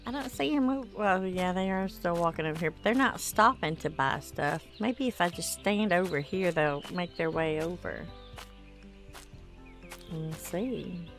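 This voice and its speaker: A woman's voice: lowish voice, a little slow, over music. Tired chatty woman streamer. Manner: chatty, reads viewer comments aloud. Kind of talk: casual gameplay stream chat.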